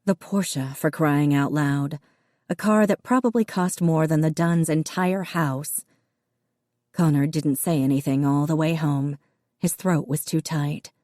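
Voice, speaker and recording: Woman audiobook narrator, steady and even, low dark voice, dry close mic. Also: unhurried, no echo. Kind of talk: scripted narration.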